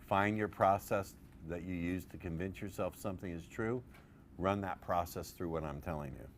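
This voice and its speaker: A man's voice: low voice, normal speed, slight background noise. A man presenting a live seminar on persuasion, playful and profane, quizzing his audience with questions.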